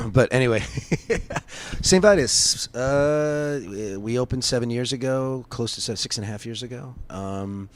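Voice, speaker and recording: A man's voice: mid-range voice, measured pace, a little hiss or hum. A middle-aged man, a podcast guest, chatting casually with rambling, profane stories in a closed bar. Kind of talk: casual storytelling chat. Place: closed bar, seated at table.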